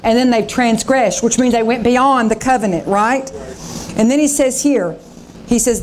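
A woman's voice: fairly high pitch, moderate pace, slight background noise. A woman pastor preaching a revival sermon, fervent and dramatic, acting out the voices of scripture.

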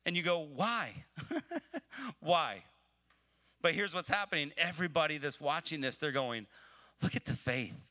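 A man's voice: on the high side, animated, measured pace, long pauses, pushed and bright. A man preaching a conversational livestream sermon that rises to emphatic, pleading peaks. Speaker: pastor. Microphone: livestream mic.

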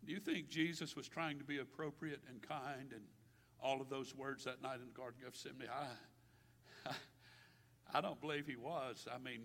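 Bright-voiced preaching man in echoing hall. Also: medium pitch. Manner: impassioned preaching, swinging from loud to hushed. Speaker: pastor. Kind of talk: sermon. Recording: long hall reverb.

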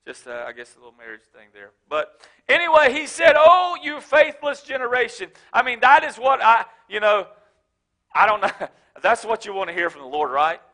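A pastor delivers a sermon in a strikingly high, bright voice. He builds to shouted, repeated declarations, then drops into quiet, laughing asides with a down-home tone. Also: sing-song, moderate pace. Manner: preaching with rising shouted emphasis, then folksy asides; casual, joking, speaks of his wife.

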